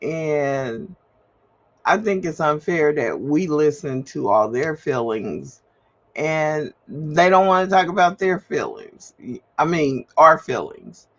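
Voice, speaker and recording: A woman hosts a casual livestream from home, printing paperwork while she rambles candidly and repeats things for emphasis. Her voice is low, expressive and slow. The stream audio is slightly dull with a faint hum.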